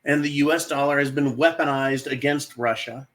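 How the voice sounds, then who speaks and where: A man's voice: medium pitch, fairly even intonation, normal speed, a bit bright, rough recording. A man hosting his own channel, talking to viewers in an exasperated, emphatic opinion monologue and often calling them folks. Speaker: channel host.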